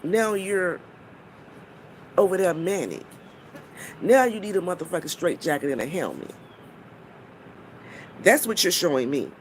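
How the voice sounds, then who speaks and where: A woman's voice: lowish voice, expressive, a little slow, pauses often, a little hiss or hum. A woman on a live stream, talking bluntly and mockingly to her viewers, swearing freely and stopping to greet people in the chat.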